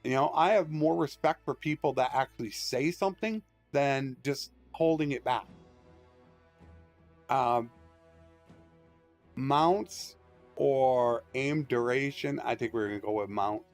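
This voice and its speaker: A man's voice: mid-range voice, takes it slowly, pauses often. A man streaming a strategy game, explaining tactics and ranting with strong opinions in loose, rambling commentary. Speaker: gaming streamer. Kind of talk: casual live-stream commentary. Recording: dry close mic with faint music.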